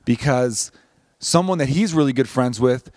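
A man hosts a podcast in casual chat, his mid-range voice a little mellow and at normal speed, captured with clean studio sound and no room echo. He rambles and swears, frequently restarting his sentences.

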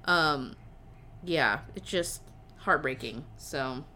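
A woman's voice: deep voice, animated, takes it slowly, pushed and bright. A woman co-hosting a casual chat, enthusiastic and rambling with fillers as she talks about a movie.

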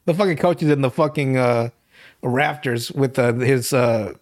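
A man's voice: medium pitch, moderate pace. A young man hosting a podcast, recapping a TV show in casual, profane, rambling chat and laughing often. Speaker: podcast host.

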